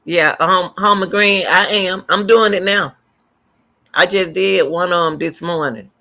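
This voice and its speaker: A woman's voice: lowish voice, measured pace, creaky, sharp tone. A middle-aged woman hosting a livestream, chatting casually and rambling as she answers viewer comments aloud. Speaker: livestream host.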